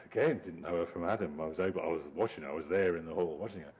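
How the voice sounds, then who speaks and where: A man in middle age talks his audience through slides in a loose, rambling way. His voice sits low, and he breaks into wry laughs at his own jokes. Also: rapid-fire, darkish tone, breathy edge. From Britain. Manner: wry, digressive, laughs often. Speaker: cartoonist giving a talk. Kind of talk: informal talk over slides.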